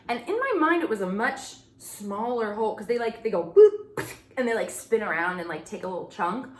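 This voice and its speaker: Animated, joking woman in an echoey room. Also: fairly high pitch. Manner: animated and joking, swearing, with asides and whispered gags. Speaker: recap show host. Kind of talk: casual comedic recap monologue.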